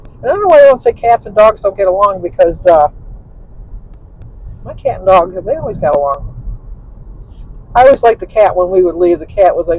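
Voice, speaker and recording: A woman's voice: medium pitch, lively intonation, a little fast, pauses often, slightly rough, poor audio. An older woman from Michigan, rambling and correcting herself as she chats to the camera from a car she is driving. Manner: chatty, meandering, self-correcting storyteller. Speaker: vlogger. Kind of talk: rambling casual chat.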